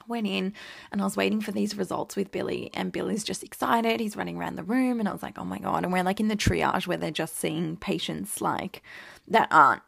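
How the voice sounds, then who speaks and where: A woman's voice: medium pitch, a little fast, gravelly, a bit bright, no echo, clean studio sound. A young woman, telling a personal story in a chatty, blunt way, full of "like". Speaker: vlogger host. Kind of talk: casual storytime chat.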